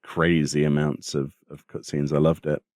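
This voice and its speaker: Low-voiced man hosting a gaming chat. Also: normal speed, no echo, clean studio sound. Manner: animated, acts out characters in exasperated voices. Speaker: podcast host.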